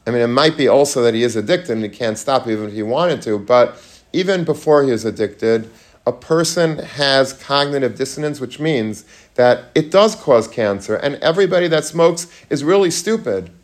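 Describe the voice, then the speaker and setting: Man giving a lively storytelling sermon. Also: mid-range voice, normal speed. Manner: animated, acts out quoted voices, Yiddish and Hebrew terms. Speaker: Torah lecturer.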